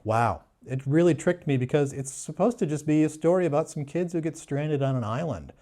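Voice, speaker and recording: A man giving a sarcastic, mock-serious book review in a deadpan way. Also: a little high, a little fast. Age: adult. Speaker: booktuber.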